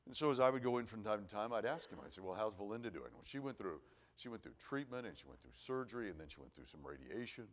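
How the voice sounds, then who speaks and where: A man's voice: lowish voice, expressive, fast talker. A middle-aged man preaching at an evening church service, telling a personal story in a folksy, earnest way. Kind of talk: sermon. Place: church auditorium.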